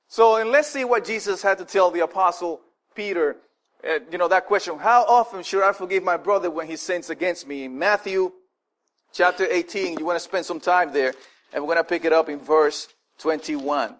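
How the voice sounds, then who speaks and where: High-voiced man preaching casually. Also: fairly quick, a bit bright. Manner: informal, repeats and restarts, asks the listeners questions. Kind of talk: casual conversational sermon.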